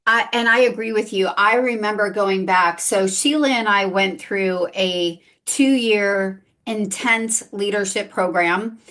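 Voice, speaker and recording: Woman host of a faith podcast, earnest and reflective when she asks her questions, medium-pitched voice. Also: slow pace, few pauses, fairly bright tone. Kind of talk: faith-based interview.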